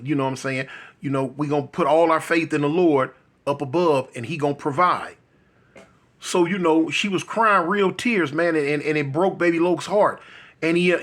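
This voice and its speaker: A man's voice: a little high, normal speed, a bit bright. A man telling a story in a loose, conversational way, often checking in with the listener. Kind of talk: casual street storytelling.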